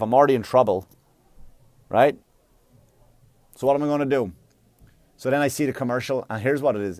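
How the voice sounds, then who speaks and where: An Irish man doing a stand-up comedy monologue, swearing and animated in his delivery. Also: mid-range voice, dry recording. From Ireland.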